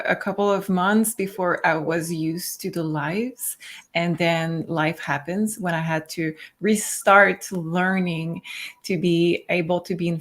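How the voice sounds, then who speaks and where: Shy woman reader, low voice, careful and slow. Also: a bit bright. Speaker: tarot reader. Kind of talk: livestream talk.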